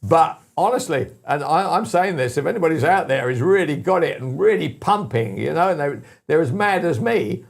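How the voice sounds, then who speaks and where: An older man hosting a talk radio show, telling rambling stories with lots of restarts and animated asides. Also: fairly high pitch, moderate pace, vocal fry, hardly any pauses. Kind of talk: casual talk radio chat.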